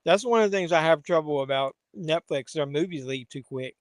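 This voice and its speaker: Man, live stream host, casual rambling chat, fairly high voice, dry close sound. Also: a little fast, no room sound. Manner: rambling, talks to viewers and his pet.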